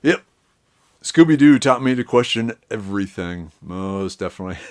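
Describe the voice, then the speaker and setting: This is a middle-aged man's relaxed live-stream chatter, wandering from topic to topic while he says hello to viewers by name. His pitch is fairly low, and he speaks at a moderate pace.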